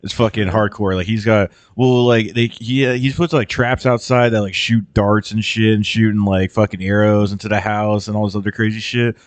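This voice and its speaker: A man's voice: fairly low pitch, fairly even intonation, moderate pace, hardly any pauses, no room sound. A man casually retelling a movie on a podcast, rambling, swearing often and acting out the characters' lines. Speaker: podcast host.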